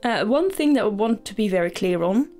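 A woman's voice: medium pitch, animated, a little fast, mellow, faint music behind. A woman hosting a storytelling podcast, talking earnestly and respectfully, with many fillers and restarts. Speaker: podcast host.

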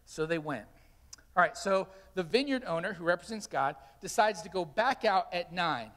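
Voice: medium pitch, animated, moderate pace, a bit bright, in a large hall. A pastor preaching a sermon, telling stories and animatedly acting out the quotes. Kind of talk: sermon with storytelling. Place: church sanctuary.

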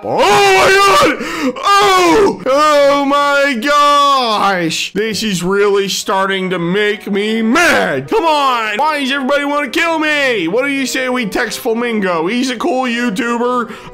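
A man voicing a goofy, childish boy who whines and shouts while commenting on a game. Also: sits high. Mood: mocking. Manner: shouty, whiny and exaggerated. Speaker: gameplay commentator.

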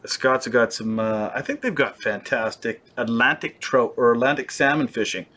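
A man's voice: medium pitch, moderate pace, bright, forceful tone. Joking man hosting a fly-tying show. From British Columbia, Canada. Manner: playful, self-mocking banter. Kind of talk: casual joking tutorial.

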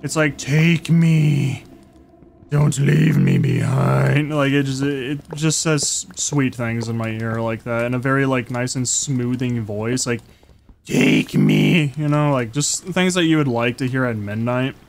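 A man giving casual, excitable commentary while playing a survival game, chatting to the creatures on screen. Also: mid-range voice, moderate pace, few pauses. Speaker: gameplay streamer.

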